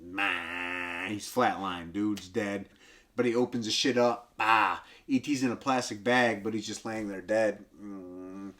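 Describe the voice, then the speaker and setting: A man comedian casually retelling a film, loose and profane, breaking into high squealing impressions and sound effects. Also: steady tone, slow, a bit bright.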